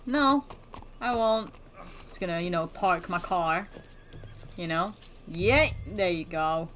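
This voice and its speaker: Woman, gaming host, playful commentary, bright crisp voice. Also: fairly low pitch, slow, a little hiss or hum. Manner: playful, chatty, teasing. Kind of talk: game commentary.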